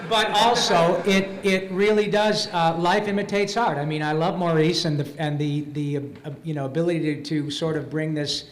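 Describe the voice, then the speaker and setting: A man's voice: a little high, fairly even intonation. A man on a voice actor panel, chatting casually and rambling with lots of fillers and laughs. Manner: rambling, halting, laughing often. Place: convention panel room. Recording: echoey convention hall with faint noise.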